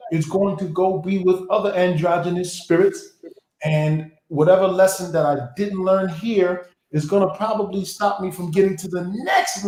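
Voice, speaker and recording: A man's voice: a little high, darkish tone, reverberant, poor audio. A man talking in a reflective, philosophical way during a casual conversation, drawing out his phrases.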